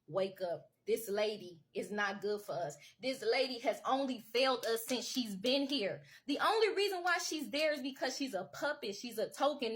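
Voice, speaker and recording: Fiery, preachy woman ranting to camera. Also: fairly high pitch. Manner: emphatic, repetitive, preachy calls to wake up; casual vernacular with lots of y'all. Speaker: political commentator. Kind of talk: impassioned political rant to camera.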